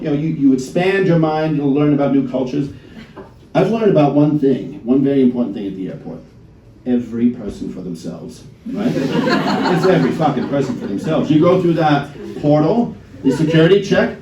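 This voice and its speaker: A man in his thirties with an American accent doing a stand-up comedy set, swearing and acting out people in quick put-on voices. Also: on the high side, dark tone, muffled recording. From Netherlands. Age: 30s. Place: comedy club stage with live audience. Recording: roomy club sound from a distance, crowd laughter. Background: audience laughing.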